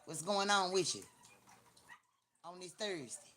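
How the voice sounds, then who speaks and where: Blunt Memphis woman with a bright voice. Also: lowish voice, lively intonation, measured pace, slight background noise. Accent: Memphis Southern US. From Memphis, Tennessee. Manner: blunt, slangy, repetitive, teasing. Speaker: livestream host. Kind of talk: casual live-stream chat.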